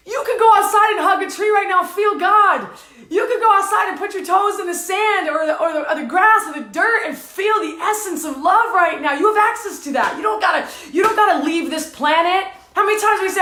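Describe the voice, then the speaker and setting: High-pitched lady doing an emotional spiritual talk, keeps repeating affirmations, casual swearing, roomy echo. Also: lively intonation, normal speed, pushed and bright. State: tearful and dizzy at times. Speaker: spiritual teacher.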